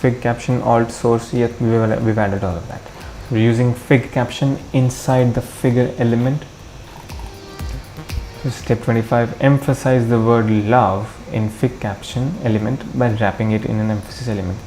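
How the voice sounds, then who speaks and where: Mellow-voiced man thinking aloud. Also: medium pitch, steady tone, moderate pace, soft background music. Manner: thinks aloud, corrects himself, mixes Hindi into English. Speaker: coding tutorial host. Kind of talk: screen-recorded coding walkthrough.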